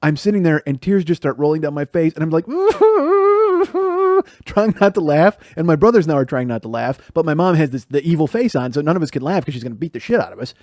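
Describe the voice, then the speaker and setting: A man's voice: on the high side, animated, fast, few pauses, a little mellow, no echo. Profane storytelling man, dry close sound. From Chicago area, USA. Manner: profane, laughing through stories. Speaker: podcast host. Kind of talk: storytelling monologue.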